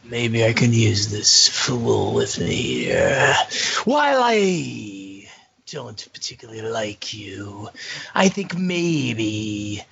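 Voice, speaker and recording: A man's voice: lowish voice, sing-song, slow pace, creaky, highs cut off, background noise, exaggerated voice. A man voicing a haughty, brooding villain knight bent on corrupting society, with theatrical whispered asides, in improvised tabletop role-play. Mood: disdainful.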